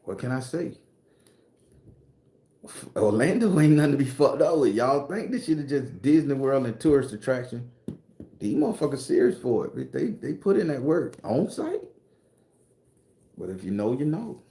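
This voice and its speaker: A man chats loosely, cursing and joking as he hosts. His voice is mellow and dark, and it rings in a roomy, echoey space. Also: medium pitch, big pitch swings, moderate pace, long pauses. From Florida. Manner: profane, loose and joking, with slang. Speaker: host and spooky storyteller. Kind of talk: casual livestream chat.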